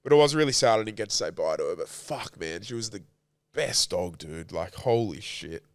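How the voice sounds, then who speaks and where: A man's voice: fairly low pitch, lively intonation, moderate pace, no room sound. A man, a podcast co-host telling an emotional story in casual chat, rambling and swearing freely.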